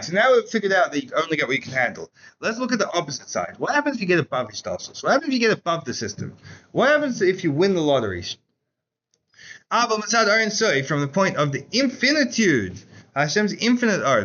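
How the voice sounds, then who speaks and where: Lively man teaching a Torah class. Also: on the high side, lo-fi sound. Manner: casual, animated storyteller, says "like" often. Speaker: Chassidus teacher. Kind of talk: Torah class lecture with storytelling.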